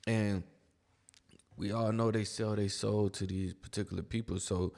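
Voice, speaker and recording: A man's voice: on the low side, steady tone, moderate pace, creaky, a little mellow, big-room sound. A man giving casual reaction commentary in a blunt, slangy, exasperated manner.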